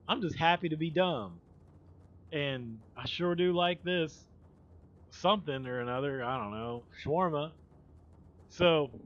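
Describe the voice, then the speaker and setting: A man's voice: medium pitch, muffled recording. A man hosting a livestream, telling stories in a rambling, profane, casual way with laughing asides. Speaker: livestream host. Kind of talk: casual storytelling chat.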